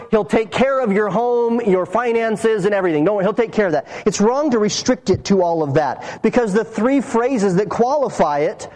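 A pastor preaching a sermon and explaining a verse, earnestly teaching and slowing down to stress key phrases. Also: male voice, high-pitched, a little mellow, low-quality recording.

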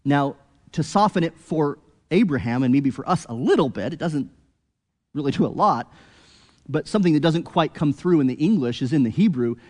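A man preaching an expository sermon, earnest, rising to emphatic peaks and then dropping low and quiet. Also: lively intonation, normal speed, long reverb tail.

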